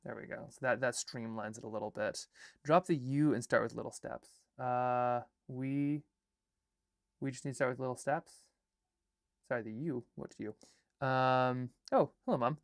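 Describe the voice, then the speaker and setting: Gravelly man thinking aloud on a livestream. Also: medium pitch, normal speed, dry recording, studio quality. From Alaska. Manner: rambling, reads chat comments and draft text aloud. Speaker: artist and filmmaker livestreaming.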